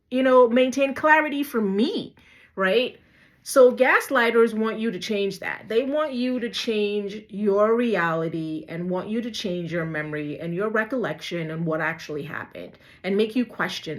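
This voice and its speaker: A woman's voice: medium pitch, fairly bright tone. Emphatic woman giving casual advice. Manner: emphatic, repeats points, asks rhetorical questions; frequent "right?" and "you know" tags. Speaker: YouTube vlogger. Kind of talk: casual advice talk to camera.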